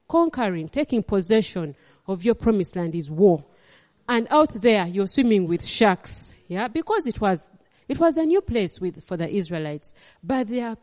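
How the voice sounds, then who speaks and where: A woman's voice: fairly high pitch, darkish tone. Emphatic Ugandan woman preaching in a hall. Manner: emphatic, repeats phrases, mixes in Luganda. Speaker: pastor. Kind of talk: sermon.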